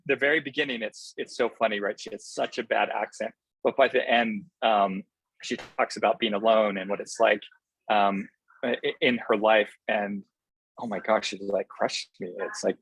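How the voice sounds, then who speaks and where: A man's voice: on the low side, steady tone, moderate pace, a bit bright, husky, no room sound, poor audio. A man being interviewed as a film director, talking in an earnest, enthusiastic way that often halts on fillers. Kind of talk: casual interview answers.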